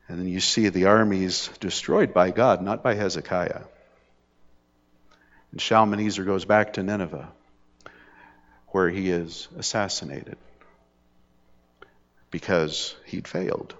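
A man's voice: fairly low pitch, measured pace, pauses often. A man preaching a sermon in a conversational style, with jokes and rising intensity on the dramatic points. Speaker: pastor. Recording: dull lo-fi hall recording.

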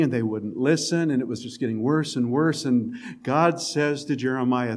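A man preaching a sermon in a conversational way, with quiet, emphatic lines and the odd chuckle. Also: mid-range voice. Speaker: pastor.

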